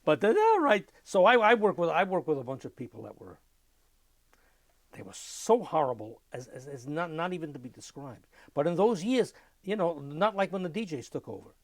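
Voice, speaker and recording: An older man giving an oral history interview, telling lively anecdotes and mimicking music with his voice. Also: fairly high pitch, moderate pace, dry recording.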